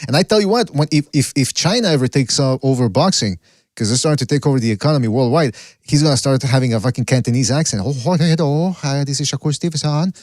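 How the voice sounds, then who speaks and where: A man's voice: medium pitch, lively intonation, fast, a little mellow, no room sound, clean studio sound. A man hosting a boxing podcast, talking bluntly with swearing and frequent restarts. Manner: blunt, profane, stammers and repeats himself. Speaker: podcast host. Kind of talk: casual boxing chat.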